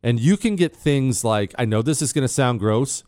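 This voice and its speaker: A man's voice: mid-range voice, expressive, moderate pace, few pauses, darkish tone, no room sound, clean studio sound. A man hosting a radio show, bragging playfully and teasing a co-host off mic in casual monologue. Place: radio studio. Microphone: studio mic.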